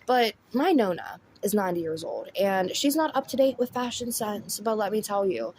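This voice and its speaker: A woman's voice: medium pitch, expressive, moderate pace, darkish tone, slight background noise. A woman with a Southern US accent giving blunt, chatty commentary, often addressing viewers as y'all. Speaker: commentary host. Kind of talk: casual commentary.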